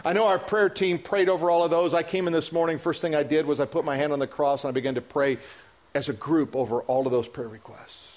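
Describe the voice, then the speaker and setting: Pastor in church: a man with a fairly high voice, preaching with rising passion and frequent restarts. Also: steady tone. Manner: impassioned, rising to high emotional peaks; halting restarts and repetitions. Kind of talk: sermon. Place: church sanctuary.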